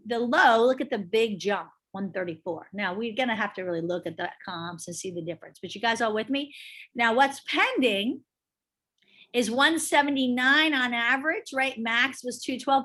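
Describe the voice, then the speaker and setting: A woman with a slightly high voice teaches a class in a casual, chatty way. She speaks briskly and with emphasis, and she keeps checking in with the group through questions. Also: fairly bright tone. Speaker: real estate instructor.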